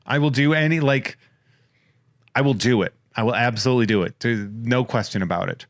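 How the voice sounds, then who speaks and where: A man hosting a podcast in casual comedic chat, rattling off wry, crude shout-outs and jokes. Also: mid-range voice, a little fast, no room sound, clean studio sound. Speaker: podcast host.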